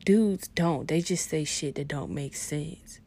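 A young woman delivering a profane comedic rant, swinging between hushed asides and loud outbursts. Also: sits low, slow. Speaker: vlogger.

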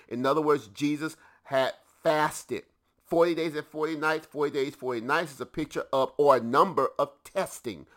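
A man's voice: fairly high pitch, big pitch swings, moderate pace. A man preaching a teaching sermon to a congregation, emphatic and often putting questions to his listeners.

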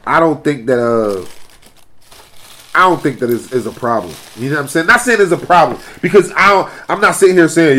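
A man's voice: fairly high pitch, expressive, brisk, pushed and bright. A young man arguing his point in a casual podcast chat, full of "like" and swearing. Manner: argumentative, hedging with "like".

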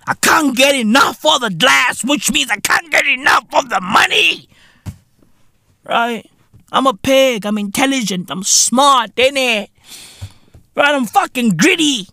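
A man putting on the voice of a smug, greedy male oil-company spokesman, mock-sincere and sarcastic, breaking into shouts. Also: extremely high pitch, vocal fry, no room sound, heavily acted.

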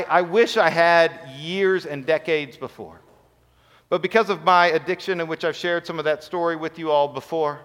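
A middle-aged man, a pastor, preaching an emotional sermon that sinks to a hushed near-whisper in its tender moments. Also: fairly high pitch. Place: church sanctuary. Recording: reverberant church hall.

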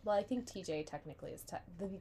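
A woman's voice: lowish voice, expressive, rapid-fire, crowd noise. A young woman from San Diego, a podcast guest, talking in a chatty, opinionated way and laughing often. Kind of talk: casual chat.

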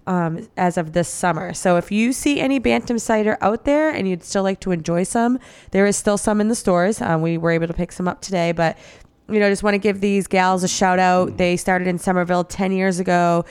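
A woman's voice: lowish voice, fairly quick, a little mellow, clear, resonant tone, no room sound. A woman co-hosting a local radio show at a studio mic, chatting casually with easy laughs. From New England. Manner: chatty, easily laughing, some fillers. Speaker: radio co-host. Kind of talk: casual radio chat and promo read.

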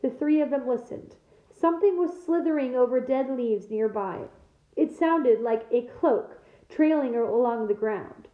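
A woman teacher reading a novel aloud to her class, in a steady storytelling manner with small slips. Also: high voice, measured pace. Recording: echoey room, tinny phone-like sound.

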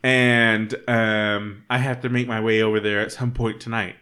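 A man's voice: on the low side, little pitch movement, normal speed, heavy background noise. A man on a casual podcast, telling a story and acting out both sides of an argument. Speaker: podcast host.

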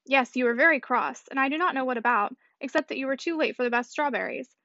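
An arch, playful young lady, sure of her own wit, as a woman reads her. The voice is high. The recording sounds dry and dull. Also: quick pace, bright, forceful tone, no echo. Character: witty self-assured young lady.

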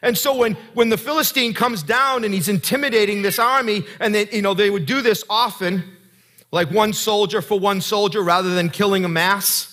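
A man's voice: sits high, moderate pace, fairly bright tone. A man preaching a sermon as pastor, earnest and conversational, putting direct questions to the congregation.

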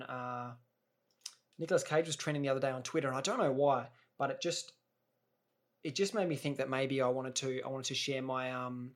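A man hosting a casual reaction video, rambling enthusiastically and often restarting his sentences. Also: medium pitch. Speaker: video host.

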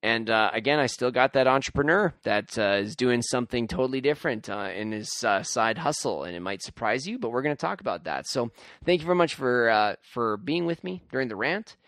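A man's voice: medium pitch, expressive, brisk, fairly bright tone, no room sound, studio quality. A man hosting his own solo podcast, talking in an earnest, rambling, heartfelt way, with a tired, groggy voice. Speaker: podcast host.

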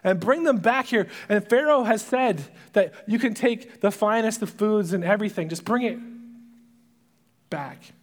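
Man preaching with sudden hushed drops. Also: high voice, lively intonation, a little slow. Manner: dramatic storytelling, dropping to hushed whispers for emotional moments. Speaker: pastor. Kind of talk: sermon.

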